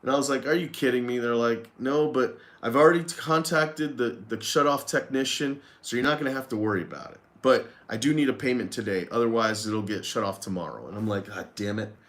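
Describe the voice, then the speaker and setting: A man's voice: mid-range voice, a little fast, hardly any pauses, fairly bright tone. A man who runs a lawn care business, candidly telling a story in a casual vlog, rambling and swearing freely.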